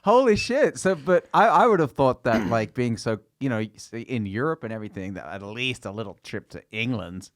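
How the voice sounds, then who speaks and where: A man's voice: medium pitch, animated, normal speed, hardly any pauses, no echo. A man hosting a podcast in a studio, chatting casually in a boisterous, joking way and swearing freely. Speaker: podcast host.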